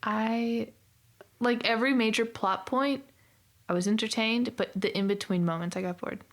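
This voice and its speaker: A young woman hosting a casual book club podcast, bubbly and quick to laugh, with lots of "like". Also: a little high, steady tone. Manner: bubbly, laughs often, says "like" a lot.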